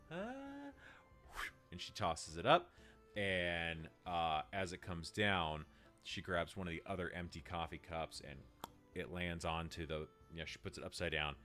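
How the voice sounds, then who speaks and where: A man's voice: sits low, little pitch movement, moderate pace, pushed and bright, faint music behind. A man narrating as game master in a casual, filler-heavy way.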